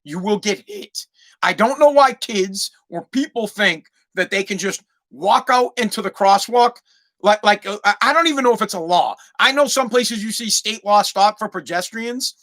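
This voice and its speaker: A man, hosting a podcast and telling a profane, animated story with many restarts. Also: sits high, moderate pace. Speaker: podcast host. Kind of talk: casual storytelling monologue.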